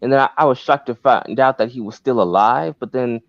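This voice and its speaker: A man co-hosting a casual podcast, telling stories in a drawn-out, conspiratorial way. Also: medium pitch, no room sound. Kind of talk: casual chat. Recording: dull, dry lo-fi sound.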